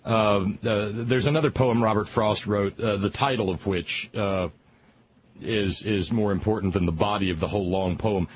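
Husky man with a wry, digressive manner. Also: fairly low pitch, moderate pace. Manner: wry, digressive, quotes poems and sayings. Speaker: radio co-host. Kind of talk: casual music chat. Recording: slightly muffled radio broadcast.

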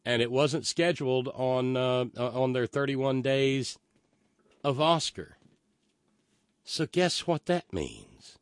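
A man's voice: medium pitch, lively intonation, slow, clear, resonant tone, dry recording. A man hosting a casual monologue, opinionated and rambling, with stammering restarts as he reacts to chat messages. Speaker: live stream host reading chat.

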